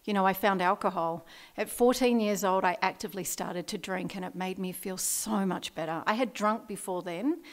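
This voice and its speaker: A woman tells her recovery story at a meeting, frank and quick to laugh, filling her talk with "you know" and "um." Her voice sits at an ordinary middle pitch. The room around her is very echoey. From Australia. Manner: candid, laughs often, many fillers. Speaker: AA meeting speaker. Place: meeting hall. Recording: very echoey hall.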